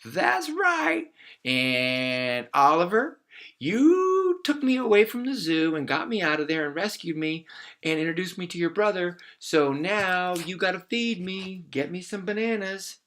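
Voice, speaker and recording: A squeaky, high-pitched monkey, put on by a man, whining and insisting that someone feed him. He sounds hungry and pushy, his voice jumps way up above a normal speaking voice, and it carries the silliness of a homemade kids' story. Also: big pitch swings, a little slow, fairly bright tone, exaggerated voice. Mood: demanding. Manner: whiny, insistent.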